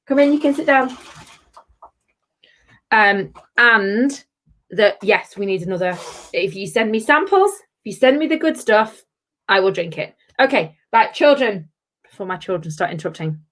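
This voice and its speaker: Streaming live from home, a woman reviews drinks in a gushing, chatty way, calling out to her viewers by name as she goes while her children wander in. Her mid-range, slightly bright voice is animated, at a moderate pace with frequent pauses, and it's captured on a laptop or webcam mic.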